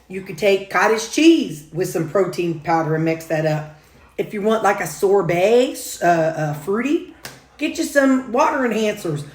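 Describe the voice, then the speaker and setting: A woman, chatting casually as a food vlogger while she eats, in a folksy, rambling way with frequent chuckles. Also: medium pitch. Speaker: food and weight-loss vlogger. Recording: echoey room.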